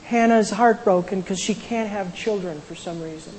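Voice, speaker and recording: A woman's voice: mid-range voice, normal speed, darkish tone, a little hiss or hum. Chatty woman preaching in a reverberant hall. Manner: conversational, chuckling asides, stumbling restarts. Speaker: Bible teacher. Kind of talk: casual sermon retelling scripture.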